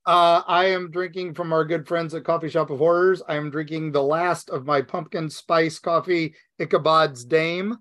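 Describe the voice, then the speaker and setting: Man co-host, wry and joking; higher than most men, very dry recording. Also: steady tone, normal speed, hardly any pauses, a bit bright, no room sound. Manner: jokey, wry. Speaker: podcast co-host. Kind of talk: casual chat.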